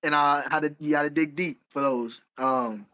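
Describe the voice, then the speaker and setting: A man's voice: on the high side, fairly even intonation, normal speed, pushed and bright, low-quality recording. A man co-hosting a podcast in casual chat, rambling and correcting himself as he goes, with frequent laughs. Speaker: podcast co-host.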